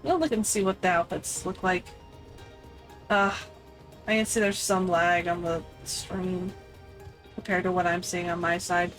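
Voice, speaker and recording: A woman's voice: lowish voice, fairly even intonation, measured pace, long pauses, a bit bright, soft background music, poor audio. A young woman streaming a game, commenting live and swearing freely as she talks back at it.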